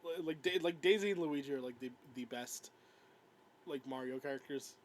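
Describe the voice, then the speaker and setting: A man's voice: a little high, normal speed, a little hiss or hum, low-quality recording. A man co-hosting a podcast, chatting about games in a rambling way with frequent stammers and giggles. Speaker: podcast co-host. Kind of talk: casual gaming chat.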